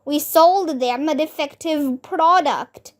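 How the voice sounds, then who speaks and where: A woman's voice: sits high, takes it slowly. Woman reading a breezy eccentric inventor lady. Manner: chirpy, announcing.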